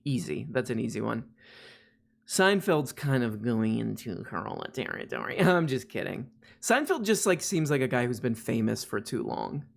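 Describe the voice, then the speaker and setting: A man's voice: mid-range voice, sing-song, moderate pace, gravelly. A man hosting a casual live stream, rambling and laughing at himself as he reads requests. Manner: rambling, laughing, self-mocking. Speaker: streamer host.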